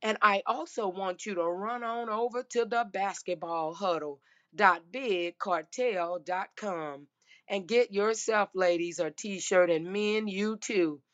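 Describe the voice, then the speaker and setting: A woman hosting a casual football talk show, emphatic and folksy, her voice going hoarse. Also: mid-range voice, muffled recording. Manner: emphatic, repeats "I'm telling you" and "baby". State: losing her voice. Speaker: sports podcast host.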